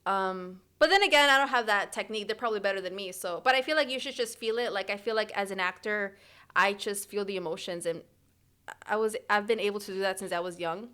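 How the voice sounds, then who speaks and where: A young woman from Chicago, an actor guest on a podcast, talking in a chatty, animated way full of "like". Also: mid-range voice, fast, clear, resonant tone. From Chicago, United States. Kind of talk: casual interview chat.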